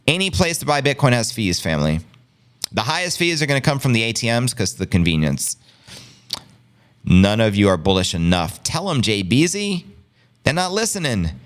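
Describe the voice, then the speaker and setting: Here a man's clear, resonant, medium-pitched voice moves at a moderate pace. Hailing from Long Island, New York, with a New York City area accent, he hosts a laid-back live stream, hyping things up, reading chat and addressing his audience as family.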